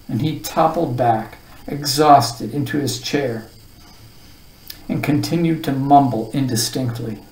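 A reader narrating a children's novel aloud with expressive delivery. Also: mid-range voice, measured pace. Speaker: storybook reader. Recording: roomy echo, voice far from the mic.

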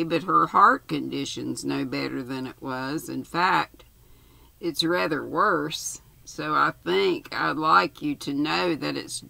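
Older woman doing a cheerful care-home matron, comfortable tone, gravelly voice, slow, dry close sound. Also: deep voice, pushed and bright, dry recording, exaggerated voice. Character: brisk, cheerful middle-aged woman running a care home. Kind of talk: storybook reading.

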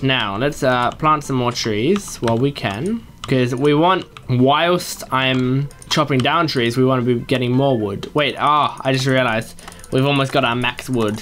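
A man doing Let's Play commentary at his computer, chatting to himself and breaking into excited high yelps. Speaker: gaming YouTuber.

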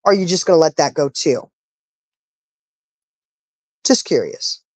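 Woman host, low voice, dry sound, indignant ranting delivery. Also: lively intonation, a little slow, a little mellow, dry recording. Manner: indignant, ranting, rhetorical questions. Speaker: live stream host. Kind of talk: casual live-stream talk.

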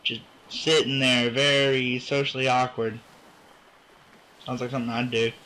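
A young man in his teens giving goofy, excitable let's play commentary, humming along to the game music. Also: medium pitch, a little slow, low-quality recording. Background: faint game music.

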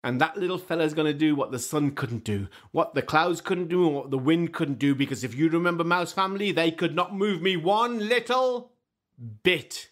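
A male storyteller voicing a giant statue of a monkey general, speaking slowly and deliberately in a booming voice. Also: lightly acted. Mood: proud.

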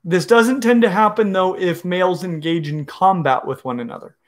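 Eager, explaining man, slightly high voice. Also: moderate pace. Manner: enthusiastic, explanatory, with many restarts. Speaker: reptile educator answering viewer questions. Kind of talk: casual livestream Q&A.

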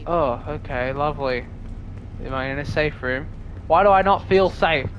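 A man giving jokey, swearing let's play commentary and reacting loudly to scares. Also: on the high side, moderate pace, slight background noise. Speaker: gaming video creator.

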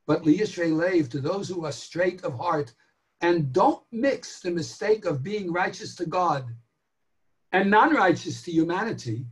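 A man giving a daily Torah lecture in a sermon style, emphatic and animated, asking rhetorical questions and stretching key words. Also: fairly high pitch.

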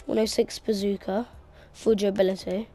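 A woman's voice: medium pitch, level tone, moderate pace, dark tone, a little hiss or hum. A woman gamer in casual chat while playing, joking and rambling on a headset mic.

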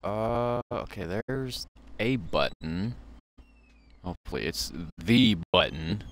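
A man's voice: lowish voice, expressive, slow pace, fairly bright tone, slight background noise. A man streaming a game, muttering to himself and swearing freely as he plays. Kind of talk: live game commentary.

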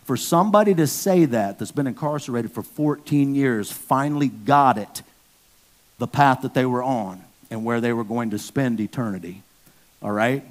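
A man in his fifties preaching a sermon as pastor, candid and storytelling, with sudden loud bursts when acting out stories. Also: mid-range voice, moderate pace. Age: 50s.

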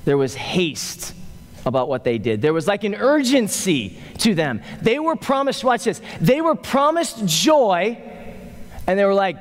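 A man preaching a sermon as pastor, animated, with loose conversational fillers, rising for emphasis and dropping low to slow down. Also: in a large hall. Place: church sanctuary.

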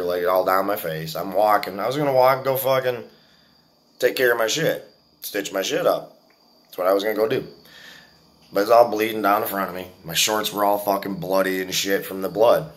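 A man's voice: on the low side, normal speed. A man in his forties telling a story to his viewers in a casual, profane, boastful way. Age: 40s. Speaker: vlogger.

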